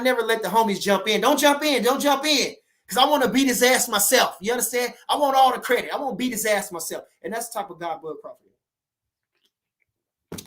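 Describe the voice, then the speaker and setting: A man from the boxing world chatting casually with viewers on a livestream, rambling and animated, often checking that listeners understand him. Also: high-pitched. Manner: rambling, animated, keeps asking "you understand?".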